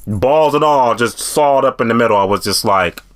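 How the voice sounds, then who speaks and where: A man excitedly retelling horror movie kills in a casual discussion, graphic and profane. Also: medium pitch, moderate pace.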